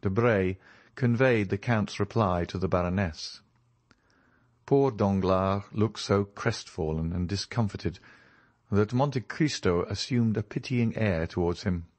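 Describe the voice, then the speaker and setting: A man narrating a classic novel as an audiobook in a measured, expressive reading. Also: lowish voice, no room sound. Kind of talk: scripted narration.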